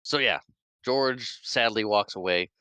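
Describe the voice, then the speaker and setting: Laughing man with a bright voice. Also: fairly low pitch, measured pace, clear, resonant tone, no echo, rough recording. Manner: rambling, laughs often. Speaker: podcast co-host. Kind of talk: casual film recap.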